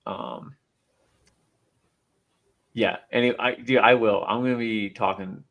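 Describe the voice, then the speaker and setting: A man's voice: fairly low pitch, slow pace, creaky, phone-quality sound. A man co-hosting a sports podcast, chatting casually in a joking, offhand way. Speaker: podcast co-host. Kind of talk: casual chat.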